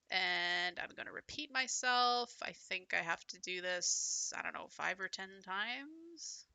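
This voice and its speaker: Gravelly-voiced young woman thinking aloud. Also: mid-range voice, sharp tone, no room sound. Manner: halting, self-deprecating, thinks aloud. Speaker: indie game developer. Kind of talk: casual brainstorming commentary over gameplay.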